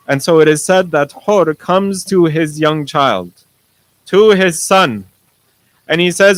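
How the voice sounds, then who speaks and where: A man's voice: fairly high pitch, animated, slow pace, fairly bright tone, dry recording, poor audio. A male preacher retelling a sacred story in a sermon, solemn and vivid.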